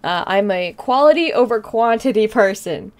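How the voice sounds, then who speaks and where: Her mid-range voice is animated and paced normally as this twenty-something streamer chats casually on a live stream. She gets teary yet keeps laughing, wandering through her thoughts with lots of filler words.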